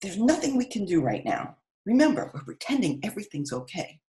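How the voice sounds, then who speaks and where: A woman's voice: mid-range voice, big pitch swings, a little fast, dark tone, roomy sound, natural voice. A woman reading aloud, voicing a determined young girl who urgently coaxes her brother along in a storybook.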